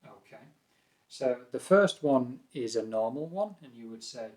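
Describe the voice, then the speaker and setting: A British man teaching an English lesson, calm and patient, explaining phrases and acting out examples. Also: mid-range voice, unhurried. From Britain.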